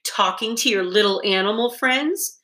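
A woman's voice: medium pitch, expressive, moderate pace, sharp tone. A woman voicing a teasing older sister in a read-aloud storybook, with a mocking tone. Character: teasing older sister, a young teen girl.

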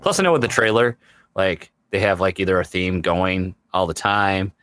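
A man's voice: normal speed, fairly bright tone, no echo. A man co-hosting a casual chat, wry and full of joking asides. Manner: wry, joking asides, drops low when griping. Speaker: podcast co-host.

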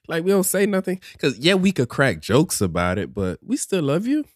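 Animated, opinionated podcast man. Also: a little high, normal speed, no room sound, studio quality. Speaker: podcast co-host. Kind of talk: casual chat.

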